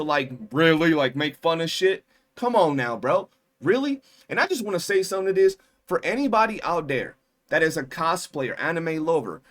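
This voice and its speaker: A young man giving a heated, indignant commentary rant, swearing freely and stressing his points. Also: a little high. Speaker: commentary streamer.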